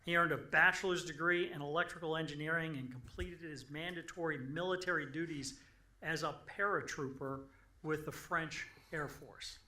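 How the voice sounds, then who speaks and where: A man with a bright, fairly high voice reads a formal introduction as a county commissioner, stumbling now and then over words. His voice carries echo from the chamber. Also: fairly even intonation, normal speed. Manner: reads a biography, with small stumbles. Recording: echoey meeting chamber.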